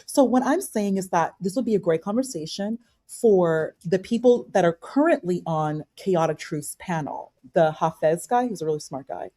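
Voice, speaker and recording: Emphatic woman with a mellow voice. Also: on the low side, expressive, moderate pace, hardly any pauses, no echo. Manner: emphatic, repeats herself, restarts often. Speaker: panelist. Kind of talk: casual panel debate.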